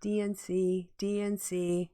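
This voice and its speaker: A woman's voice: mid-range voice, flat delivery, takes it slowly, mellow, clean tone, no echo, studio quality. A woman hosting a casual podcast chat, teasing and ironic, laughing often. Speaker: podcast host.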